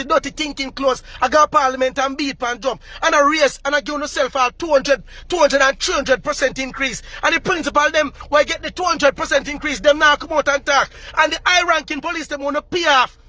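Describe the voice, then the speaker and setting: A Jamaican man with a very high, piercing voice rants at the government, hammering the same words over and over and breaking into shouts. The sound is close and dry, with no room around it. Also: steady tone, brisk, few pauses, dry recording. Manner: furious, shouting, repetitive. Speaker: vlogger. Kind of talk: angry political rant.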